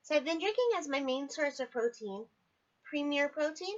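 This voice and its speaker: A woman's voice: high voice, expressive, moderate pace, lo-fi sound. Chatty woman in a home video diary. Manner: chatty, candid, apologetic asides. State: recovering from surgery, in pain. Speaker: vlogger. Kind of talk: casual personal video diary. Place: at home, indoors.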